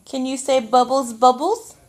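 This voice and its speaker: A woman at home coaxing a toddler to say words, prompting in a drawn-out, sing-song way. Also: sits high. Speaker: parent.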